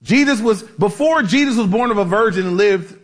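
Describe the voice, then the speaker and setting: This male pastor preaches in a relaxed, conversational way, teaching from the Bible while frequently going off on tangents and starting over. He sounds animated, with a high-sitting voice at a normal speed.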